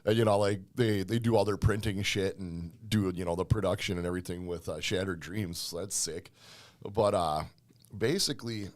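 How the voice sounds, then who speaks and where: Laid-back low-voiced man. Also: moderate pace. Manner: laid-back, swearing, laughs along. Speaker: podcast co-host. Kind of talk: casual chat.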